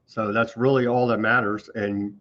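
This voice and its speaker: A man's voice: fairly low pitch, flat delivery, normal speed, a bit bright, dull audio. A man hosting a news commentary show, reading on-this-day items and mocking them with heavy sarcasm. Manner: sarcastic, mocking, scornful of government. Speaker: host.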